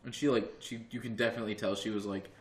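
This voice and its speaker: A man's voice: lowish voice, fairly even intonation, quick pace. A man co-hosting a podcast, joking sarcastically and swearing in a loose, tipsy way. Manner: sarcastic, jokey, swears, says he is drunk. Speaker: podcast co-host. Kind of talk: casual chat. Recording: roomy echo.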